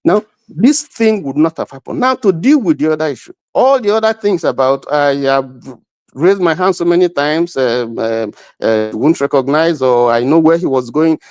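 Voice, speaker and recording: A middle-aged man debating hard on a panel, his voice pitched somewhat high. He repeats points for emphasis and talks over others. The sound is dry and close. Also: lively intonation, moderate pace, a little mellow, dry recording. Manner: emphatic, repeats himself, interrupts. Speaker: panel guest. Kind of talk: heated debate.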